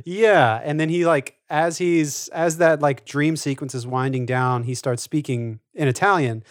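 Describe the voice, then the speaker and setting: A man's voice: a little high, measured pace, no room sound, studio quality. A man co-hosting a podcast, thinking aloud in rambling casual chat. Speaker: podcast co-host.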